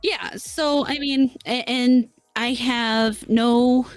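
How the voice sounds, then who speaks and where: A woman's voice: on the high side, fairly even intonation, extremely slow, no echo. A woman co-hosting a casual chat, blunt and wry, swearing freely. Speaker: podcast co-host.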